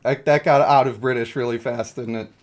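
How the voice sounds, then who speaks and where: A man's voice: mid-range voice, fairly even intonation, brisk. A young man streaming a mobile game, rambling and joking as he thinks aloud about characters. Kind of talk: casual live-stream commentary.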